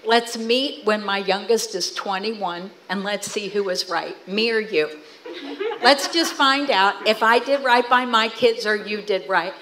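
A woman's voice: mid-range voice, a little slow, crowd noise, poor audio. Woman telling family stories with animation. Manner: animated storytelling, acting out quoted family talk. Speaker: guest speaker. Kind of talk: storytelling talk to a church audience. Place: church hall with audience.

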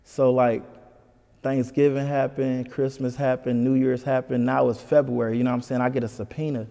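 A man from Michigan, a comedian guest, telling a story in an animated, casual way in an interview. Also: medium pitch, moderate pace, creaky, in a large hall. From Detroit, Michigan. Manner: animated, keeps saying "you know what I'm saying".

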